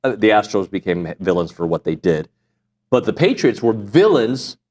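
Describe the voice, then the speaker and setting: A man's voice: lowish voice, sing-song, a little mellow. A man hosting a sports talk show, chatting casually and joking while he keeps the rundown moving. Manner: quick, joking, runs the show. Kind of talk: casual radio sports chat.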